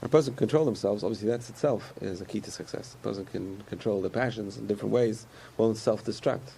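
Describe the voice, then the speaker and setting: A man's voice: on the low side, fast, vocal fry, mellow, a little hiss or hum. A man giving a conversational sermon about faith, repeating phrases and chuckling often.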